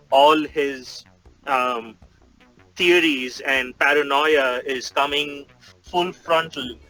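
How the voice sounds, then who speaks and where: A man's voice: a little high, bright, forceful tone, low-quality recording. A man narrating his character's actions in a tabletop game, rambling with many fillers. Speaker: player.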